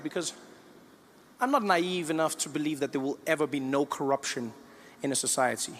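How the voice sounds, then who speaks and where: Emphatic South African stand-up comedian. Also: male voice, on the high side, a little fast, very noisy. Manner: emphatic, builds to loud outbursts.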